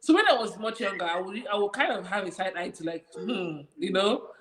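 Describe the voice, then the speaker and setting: A woman's voice: medium pitch, animated, brisk, a bit bright, poor audio. Reflective Nigerian woman in casual chat. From Nigeria (Igbo). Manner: reflective, frequent "you know" fillers. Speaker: movie review co-host.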